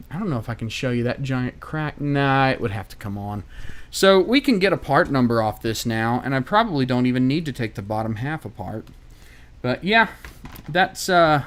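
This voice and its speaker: An American man doing casual live-stream commentary while taking apart a laptop, wry and a bit profane, thinking aloud as he works. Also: medium pitch. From United States. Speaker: tech repair streamer.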